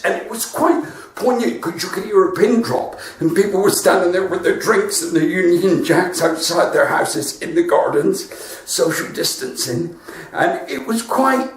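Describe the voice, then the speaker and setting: An older comedian with a West Country accent, telling stories in a live stand-up show from his front room and laughing at his own jokes. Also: high-pitched. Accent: West Country English. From West Country of England. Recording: roomy, distant home recording.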